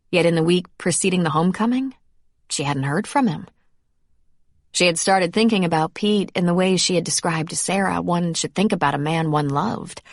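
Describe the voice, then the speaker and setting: A woman's voice: on the low side, creaky, no echo. Woman narrating an audiobook, dry and close. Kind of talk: scripted narration.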